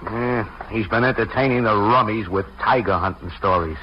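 A man's voice: on the low side, normal speed, close to an everyday voice. An actor playing a wry, scornful jailhouse policeman, in 1940s radio acting. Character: sardonic jailhouse cop. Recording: muffled old radio recording with hiss.

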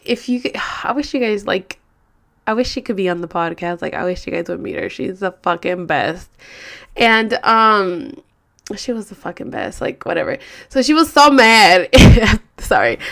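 Smooth-voiced woman telling a rambling story. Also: mid-range voice, a bit bright. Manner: rambling, profane, heavy on fillers like "like". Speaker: podcast host. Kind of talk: casual storytelling.

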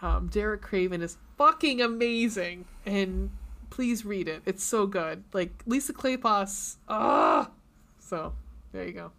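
A woman's voice: mid-range voice, measured pace, gravelly, a bit bright. A woman co-hosting a podcast, chatting casually and gushing about books, swearing freely. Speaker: podcast co-host.

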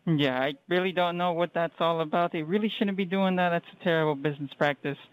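Restaurant guy on the phone, polite and kinda unsure, smooth slightly high voice. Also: fairly even intonation, fast talker, no echo, low-quality recording. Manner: polite, hesitant, apologetic. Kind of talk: phone customer service.

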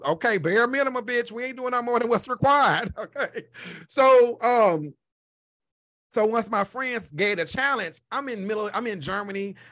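High, bright-voiced man telling a profane story. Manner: profane, animated, lots of exclamations. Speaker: podcast host. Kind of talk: casual storytelling chat.

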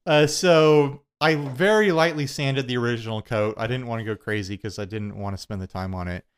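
A man's voice: medium pitch, normal speed, clear, resonant tone. A young adult man co-hosting a casual podcast chat, rambling and self-deprecating, laughing often. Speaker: podcast co-host.

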